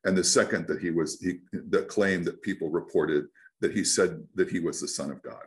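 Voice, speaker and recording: A priest giving a sermon in a reflective way, with frequent "um"s and restarts. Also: male voice, low voice, normal speed. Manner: reflective, many fillers and restarts.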